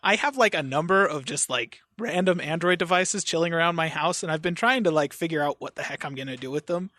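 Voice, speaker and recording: Male tech podcast co-host: upbeat, chatty, laughs easily; fairly high voice, dry recording. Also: bright, forceful tone, dry recording. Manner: chatty, laughs often, quick asides. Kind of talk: casual tech chat.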